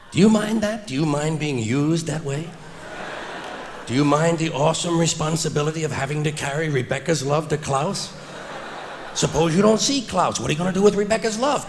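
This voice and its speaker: Recorded live for a vinyl album, this stand-up set has a man on a theater stage delivering wry, deadpan material that climbs toward loud punchlines. His voice is a little high. The audience can be heard, along with long hall reverb and slight background noise.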